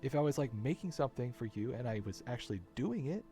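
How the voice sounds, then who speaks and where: A man's voice: medium pitch, lively intonation, fast, warm tone, faint music behind. A man in an unscripted personal rant, frustrated and swearing, often circling back to repeat his points. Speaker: vlogger.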